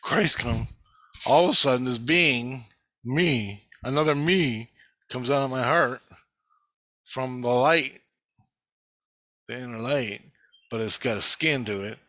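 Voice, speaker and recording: Bright-voiced man, profane rambling monologue. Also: mid-range voice, slow pace, pauses often, dry recording. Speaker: vlogger.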